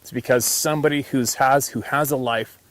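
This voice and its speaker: A man's voice: mid-range voice, fairly even intonation, moderate pace, dry recording. A man hosting a hunting channel, telling a story in a casual, earnest, emphatic monologue full of restarts.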